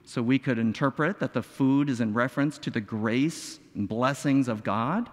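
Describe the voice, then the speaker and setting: A male pastor preaching a sermon, expressive and full of rhetorical questions and dramatic pauses. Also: medium pitch. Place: church sanctuary. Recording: long hall reverb.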